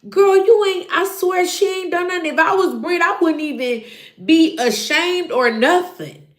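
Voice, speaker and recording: A woman with a very high-pitched voice hosts a casual recap show, speaking unhurriedly in a reverberant space. She talks animatedly to her viewers and acts out what people said.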